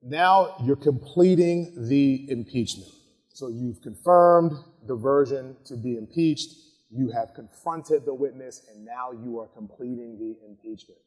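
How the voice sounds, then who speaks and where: A criminal defense lawyer teaches a recorded legal masterclass in a medium-pitched, darkish voice. He keeps it conversational, tags points with "right?", and often restarts sentences, while reading example lines slowly and dramatically.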